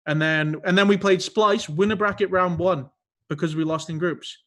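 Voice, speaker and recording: High-voiced man telling heated stories. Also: fairly even intonation, normal speed, a bit bright. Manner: swears freely, tells stories heatedly. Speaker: podcast guest, esports player. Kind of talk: casual podcast chat.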